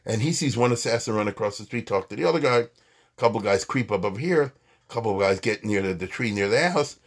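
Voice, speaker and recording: A man teaches Torah in a chatty, animated way. His husky voice rises and falls a lot as he acts out quoted lines. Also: medium pitch.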